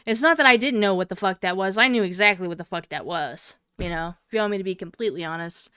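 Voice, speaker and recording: Here the twenty-something podcast co-host talks at a quick pace in a mid-range voice that's bright, forceful, and smooth, captured dry in a studio. She swears freely and piles on fillers as her casual story meanders along.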